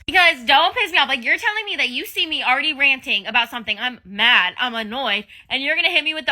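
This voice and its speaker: Woman venting to camera, super bright sharp voice, sassy and fed up. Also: high voice, lively intonation, fast talker, few pauses. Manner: exasperated, blunt, sassy. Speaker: social media poster. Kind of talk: ranting to camera.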